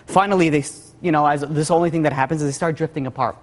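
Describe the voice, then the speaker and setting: A man's voice: fairly high pitch, steady tone, fast. Casual, chatty male rabbi storyteller. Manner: casual, lots of "like" and "you know". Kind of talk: sermon storytelling. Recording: long hall reverb.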